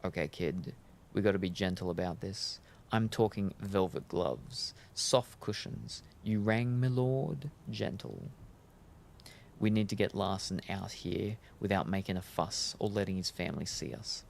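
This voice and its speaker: A man voicing a gruff, streetwise male vampire mentor in a video game, talking in a world-weary, clipped way. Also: sits low, unhurried, slight background noise. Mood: gruff, knowing. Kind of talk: game dialogue read aloud.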